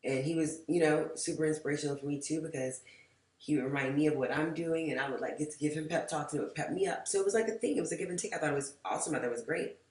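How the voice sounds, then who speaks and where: A woman's voice: low voice, very fast, a little mellow. A woman telling a storytime vlog in a frank, rambling way, swearing freely and saying "like" a lot. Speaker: vlogger. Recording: roomy echo, mic far off.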